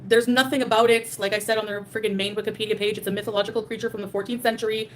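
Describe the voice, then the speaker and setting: A woman's voice: mid-range voice, flat delivery, rapid-fire, slight background noise. A young adult woman hosting a livestream, ranting defiantly and profanely at her chat, with many fillers. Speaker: livestream host. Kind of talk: livestream rant reading super chats.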